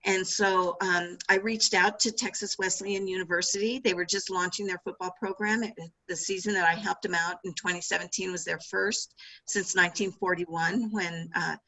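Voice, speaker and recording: A middle-aged woman, an author, telling animated anecdotes in an interview over a video call. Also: on the low side, moderate pace, rough recording. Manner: animated anecdotes with laughter and restarts. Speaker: author and former sportswriter. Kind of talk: storytelling interview answers.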